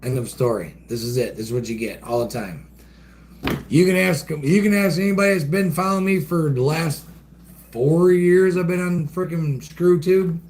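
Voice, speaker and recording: A man's voice: fairly high pitch, a little mellow, slight background noise. A man hosting a casual livestream, ranting in a profane, folksy way and reacting to chat from an outdoor shed with the door open. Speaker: livestream host reading chat.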